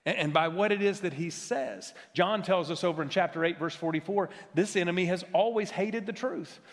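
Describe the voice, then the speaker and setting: A man's voice: high-pitched, moderate pace. Pastor, male. Delivers a sermon live from the pulpit, tenor-leaning voice with long church echo. Emphatic, stumbles over restarts. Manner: emphatic, checks in with the audience with "right?"; frequent stammered restarts. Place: large church worship center. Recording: long hall reverb from a church sanctuary.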